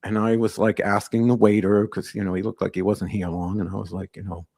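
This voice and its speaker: A man's voice: fairly low pitch, little pitch movement, fairly quick, a little mellow. A man hosting a live call-in podcast, talking in a brash, joking, rambling way. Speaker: podcast host.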